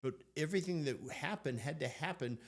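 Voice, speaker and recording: A middle-aged man co-hosting a faith podcast, telling stories in an animated, excited way. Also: on the high side, brisk. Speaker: podcast co-host. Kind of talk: casual storytelling chat.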